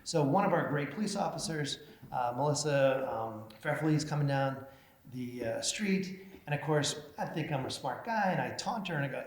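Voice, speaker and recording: A man's voice: on the high side, lively intonation, moderate pace. Man telling funny stories in a roomy hall. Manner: self-deprecating, acts out voices in his anecdotes, many fillers. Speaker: mayor giving an award speech. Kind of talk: humorous storytelling speech. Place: banquet hall at a chamber of commerce meeting. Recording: roomy hall with faint noise.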